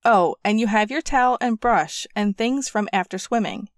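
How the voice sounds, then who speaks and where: A woman reading an audiobook, voicing a practical young mother reassuring her daughter in a brisk, friendly way. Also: fairly high pitch, no echo, studio quality, close to an everyday voice.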